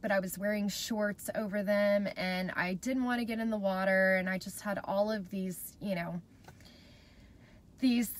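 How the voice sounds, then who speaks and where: A woman's voice: medium pitch, fairly bright tone. A woman in her thirties, a mom vlogger, telling a personal story to camera in a chatty, heartfelt way and speaking straight to her viewers.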